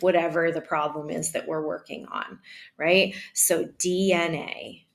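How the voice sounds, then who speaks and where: Lady teacher walking through calming kids down, low-ish voice, slow and gentle, keeps saying right?. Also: gravelly. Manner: calm, repeats "right?", models slow breathing. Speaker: early childhood educator. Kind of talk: teaching a parenting and classroom method.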